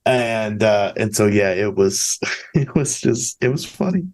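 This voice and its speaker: Candid man, fairly low voice, rambling. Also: lively intonation, a little slow, a little mellow. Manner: candid, rambling, with frequent restarts. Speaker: podcast host. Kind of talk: casual conversational interview.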